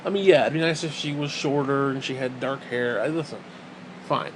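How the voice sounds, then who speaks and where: A man's voice: mid-range voice, fairly quick, background noise. A man vlogging a casual rant to the camera, crude, profane and exasperated.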